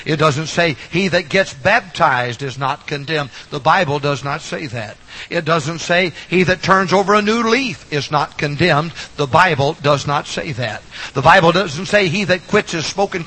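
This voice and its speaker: A man's voice: fairly high pitch, pushed and bright, slightly rough, rough recording. A middle-aged man preaching a sermon as pastor, folksy and emphatic, repeating lines for effect.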